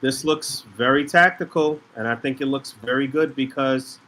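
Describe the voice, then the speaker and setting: Male podcast co-host, laid-back slangy talk, bright edgy tone. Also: mid-range voice, moderate pace, slight background noise. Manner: laid-back, says "man" and "bro" a lot. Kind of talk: casual chat about toys and movies.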